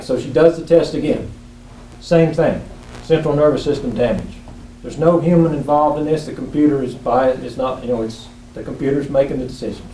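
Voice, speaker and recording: Man, public comment at council meeting, mellow slightly high voice, earnest and emotional, echoey room, mic far off, faint hum. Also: a little fast. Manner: earnest storytelling, rising to emotional urgency. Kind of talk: impassioned public comment speech.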